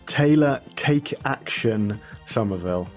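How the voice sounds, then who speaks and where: A man's voice: mid-range voice, animated, unhurried, faint music behind. A man co-hosting a podcast in casual chat, playful and often restarting his phrases. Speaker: podcast co-host.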